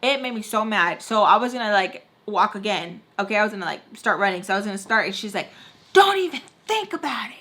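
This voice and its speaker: Bright, fired-up young woman ranting. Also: mid-range voice, fast, few pauses. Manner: heated, ranting, swears freely, fillers of "like". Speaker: beauty vlogger telling a story. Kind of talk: casual storytime chat.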